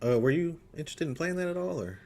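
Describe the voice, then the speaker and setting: A man's voice: a little high, expressive, quick pace, darkish tone. A man co-hosting a casual podcast in a laid-back, easygoing way, chuckling often. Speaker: podcast co-host. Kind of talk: casual chat.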